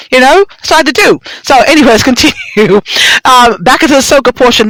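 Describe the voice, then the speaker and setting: A woman hosting a casual, uncensored radio show, excitable and swearing freely as she talks straight to her listeners. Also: fairly high pitch, dry recording, poor audio.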